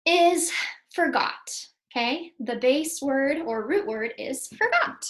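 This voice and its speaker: A woman teacher with a high, bright-sounding voice leads young children through a spelling lesson. She speaks slowly and patiently, sounding out each letter and syllable with care. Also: big pitch swings, poor audio. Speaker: second grade teacher.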